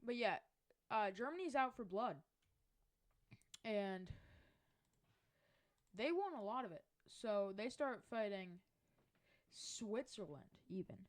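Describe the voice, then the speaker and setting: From her chair at home, a woman casually narrates over a mapping video, rambling chattily and correcting herself along the way. She speaks slowly and expressively at a medium pitch, with long pauses.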